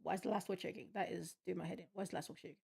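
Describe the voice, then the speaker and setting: A woman's voice: lowish voice, fairly even intonation, racing, gravelly, a little mellow, breathy edge. A woman streaming a game, reading its text aloud and reacting with bemused, swearing commentary. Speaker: gaming streamer. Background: game music.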